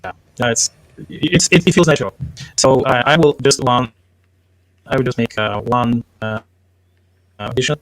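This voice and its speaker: A man's voice: medium pitch, normal speed, pauses often, a bit bright. A man running a tabletop game as game master, speaking hesitantly with many fillers.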